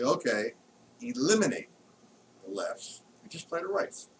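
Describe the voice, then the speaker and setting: A man's voice: a little high, sing-song, moderate pace, very noisy. A man teaching a live drum lesson, counting beats aloud as he demonstrates strokes. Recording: distant mic, loud drumming and clicks.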